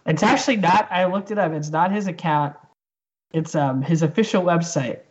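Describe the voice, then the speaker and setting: A man guesting on a casual pinball podcast, making relaxed, wry comments. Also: fairly high pitch, moderate pace. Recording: dull lo-fi remote line.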